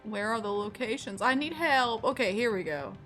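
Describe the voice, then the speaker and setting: A woman's voice: on the high side, lively intonation, normal speed, a bit bright. A woman streaming a game live, chatting with viewers in a playful, rambling, self-deprecating way. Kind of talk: casual live gameplay commentary. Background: game music.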